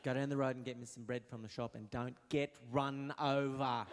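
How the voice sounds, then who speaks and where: A man's voice: medium pitch, level tone, fairly quick, few pauses, in a large hall, background noise. A man from Queensland with an Australian accent, doing a stand-up comedy routine of crude stories in which he mimics his parents.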